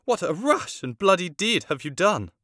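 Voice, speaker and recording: A man's voice: very animated, unhurried, a bit bright, dry recording, studio quality. A man voicing a frightened, scolding queen in a storybook reading, in a raised voice. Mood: horrified. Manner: raised, indignant pitch.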